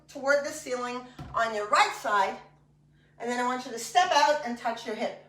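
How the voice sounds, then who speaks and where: A high-voiced woman leads an exercise class, chatty and joking as she calls out each move. Her voice is bright and carries. It is picked up from a distance in an echoey room. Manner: chatty and joking between cues. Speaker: fitness instructor. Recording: echoey room, mic far off.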